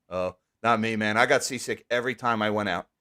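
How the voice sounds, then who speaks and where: A man hosting a live stream, talking casually and wryly, with quick sarcastic asides. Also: lowish voice, pushed and bright, smooth. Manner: chatty, wry, quick asides. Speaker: livestream host.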